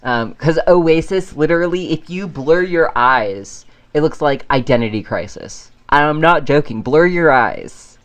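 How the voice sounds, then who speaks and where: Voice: mid-range voice, expressive, measured pace, few pauses. A podcast host chatting casually on their own, rambling and laughing often. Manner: frequent fillers and restarts. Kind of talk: casual solo chat.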